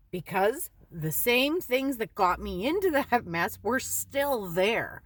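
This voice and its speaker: A middle-aged woman telling stories in a casual, animated way, laughing and swearing lightly. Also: a little high, slow, few pauses, dry recording. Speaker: card reader. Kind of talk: casual storytelling.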